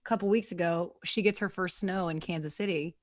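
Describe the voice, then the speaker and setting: A young adult woman hosting a casual livestream interview, chatty and quick with stories and asides. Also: on the low side, fairly even intonation, no room sound, studio quality. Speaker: comedian interview host.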